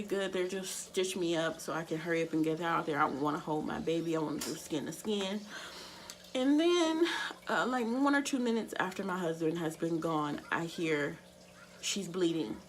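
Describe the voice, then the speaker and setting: A woman's voice: fairly low pitch, a little hiss or hum, poor audio. A young woman candidly telling a personal story to camera as a vlogger, with lots of "like" fillers.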